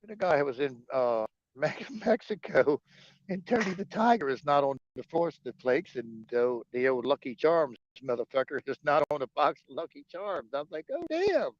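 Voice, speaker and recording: A man's voice: medium pitch, expressive, moderate pace. A man co-hosting a livestream, chatting casually, joking, swearing and laughing often. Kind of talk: casual political chat. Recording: dull lo-fi stream audio.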